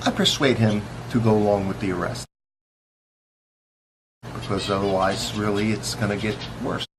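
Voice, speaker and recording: A police officer talking casually to the camera in a boastful, contemptuous way. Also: male voice, lowish voice, little pitch movement, moderate pace. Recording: noisy recording.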